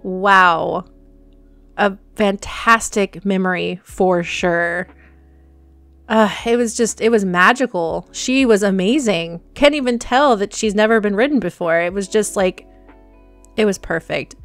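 A young woman hosting a gaming channel, chatting casually and excitedly through her gameplay and talking to her animals. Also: medium pitch, unhurried, no room sound. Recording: dry close mic with faint music.

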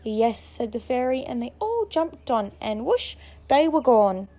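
A woman reading a picture book aloud, with expressive storytelling. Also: high voice, unhurried. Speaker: narrator.

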